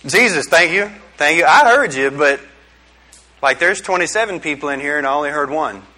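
A man's voice: a little high, expressive, normal speed, sharp tone. A middle-aged man giving a casual youth sermon, joking and quizzing his audience. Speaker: youth pastor. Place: small room with a group.

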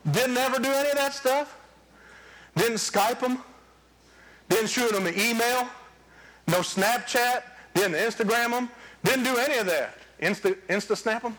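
A man preaching a sermon in an animated, joking storytelling manner. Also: extremely high pitch, unhurried, long pauses.

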